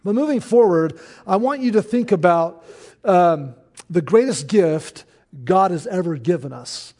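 A man preaching a sermon to his church, in an earnest, conversational way with pauses. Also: high voice, animated, a little mellow. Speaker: pastor.

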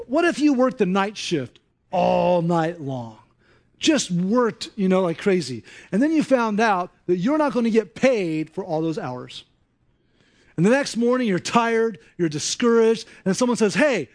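A man preaching a sermon in an animated, conversational way, acting out voices. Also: sits high. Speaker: pastor.

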